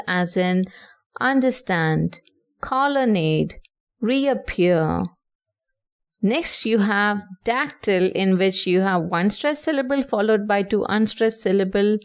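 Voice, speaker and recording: Female teacher, mid-range voice, patient and clear, taps out stresses when giving examples. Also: medium pitch. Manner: clear, patient, stresses syllables to show rhythm. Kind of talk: explanatory lesson.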